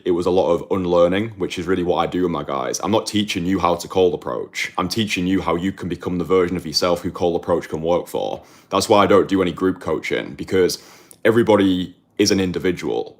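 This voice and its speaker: A man talking straight to the camera as a dating coach, blunt and emphatic, repeating phrases for effect and clearing his throat now and then. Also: deep voice. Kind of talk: direct-to-camera monologue.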